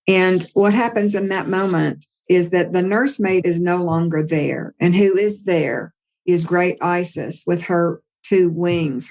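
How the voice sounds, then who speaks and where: A woman spiritual teacher telling a myth in a gentle, unhurried, storytelling way to a group. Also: sits low. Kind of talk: storytelling talk.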